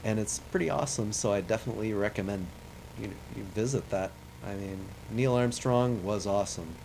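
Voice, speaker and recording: A man's voice: lowish voice, fairly quick, vocal fry, a little mellow, slight background noise, rough recording. A man streaming a space-flight game, giving rambling, chatty, self-deprecating commentary as he plays. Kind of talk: casual commentary while playing a space sim.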